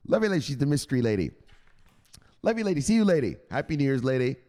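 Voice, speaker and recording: A man hosting a casual livestream, giving loose, profane shoutouts to viewers with laughs along the way. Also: mid-range voice, big pitch swings, quick pace, long reverb tail. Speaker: host.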